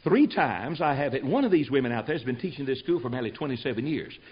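A man's voice: medium pitch, sing-song, quick pace, husky. An older man, a preacher, telling stories as a guest on a talk show, in a folksy and emphatic way that repeats phrases for effect. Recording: dull lo-fi recording.

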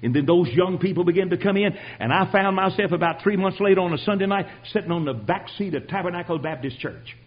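An older man preaching his own testimony, telling it dramatically and swinging from hushed tones to shouting. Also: high-pitched, quick pace, hardly any pauses, husky, dull audio. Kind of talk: sermon testimony.

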